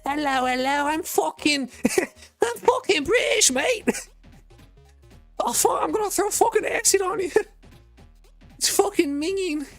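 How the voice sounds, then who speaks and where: A brash, foul-mouthed Victorian British boy voiced by a man, squeaking out crude boasts in a piercing high register. The voice sits far above a normal speaking voice, strained and loud, with faint music behind it. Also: expressive, takes it slowly, pauses often, full character voice. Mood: cheeky. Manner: profane, giggly, brash.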